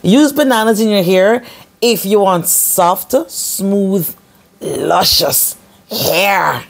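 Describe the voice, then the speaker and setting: A woman's voice: mid-range voice, takes it slowly, a little mellow. A woman chatting casually to camera as a hair care vlogger, rambling and slipping into patois.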